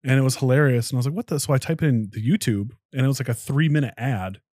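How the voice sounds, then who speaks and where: A man co-hosting a casual podcast, easygoing and rambling, his talk full of "like" fillers and laughter. His voice has a plain, middle pitch for a man. The recording is dry and close-miked. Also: fast talker, a little mellow, no echo. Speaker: podcast co-host. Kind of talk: casual chat.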